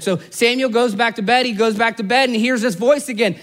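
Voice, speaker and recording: High-voiced preacher, earnest and conversational. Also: male voice, quick pace, fairly bright tone. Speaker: pastor. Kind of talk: sermon.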